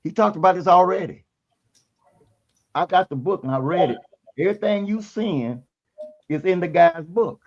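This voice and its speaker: A man's voice: high voice, animated, normal speed, pauses often, lo-fi sound. A man speaking as a guest on a panel, a little out of breath, with a folksy, preachy way of telling things. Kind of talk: casual panel talk.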